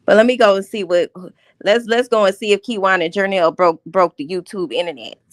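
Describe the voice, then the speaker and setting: Fairly quick and mid-range in pitch, this woman hosts a casual livestream commentary. She is blunt and confrontational, repeatedly questioning the people she calls out. The recording is dry and close.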